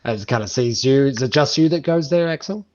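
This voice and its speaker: A man runs a tabletop game, narrating scenes and reacting with lots of swearing. His voice sits at a middle pitch and comes through a slightly dull, lo-fi recording. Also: brisk. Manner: swears freely, animated. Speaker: game master. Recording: dull lo-fi sound.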